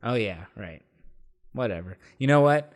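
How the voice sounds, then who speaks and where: A man's voice: lowish voice, animated, moderate pace. Easygoing man who laughs along. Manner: easygoing, laughs often, unsure. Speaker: podcast co-host. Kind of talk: casual comedic banter.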